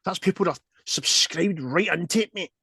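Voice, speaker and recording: A man's voice: sits high, a little fast, breathy edge, no room sound, studio quality. Glaswegian man hosting a podcast. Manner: swearing, lively banter. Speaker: podcast host. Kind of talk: casual chat.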